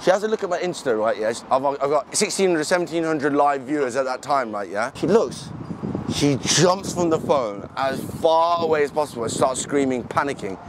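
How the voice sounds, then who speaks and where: A young man, hosting a casual vlog and telling stories in an animated, slangy way. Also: on the high side, moderate pace, noisy background. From England. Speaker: vlog host. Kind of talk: casual vlog chat and storytelling.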